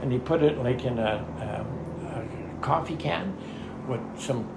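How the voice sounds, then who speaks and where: A man's voice: medium pitch, a little slow, creaky. An older man tells a long rambling story in an interview, often saying "anyhow" and chuckling along the way. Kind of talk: oral history storytelling. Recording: echoey room with faint ambient noise.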